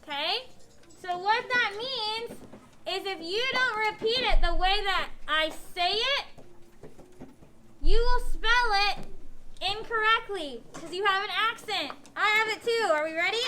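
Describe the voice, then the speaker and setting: A woman teacher with a North Missouri accent. She gives children firm, clear, step-by-step spelling directions in a classroom. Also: extremely high pitch, lively intonation, unhurried. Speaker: elementary school teacher. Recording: classroom recording with background noise.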